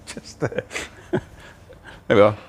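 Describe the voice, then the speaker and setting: An older man hosting a casual livestream from a cafe, chatting in a rambling way while he eats, recorded on a phone on a gimbal. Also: slight background noise. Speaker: livestream host. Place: cozy cafe, indoors. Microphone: phone on a handheld gimbal.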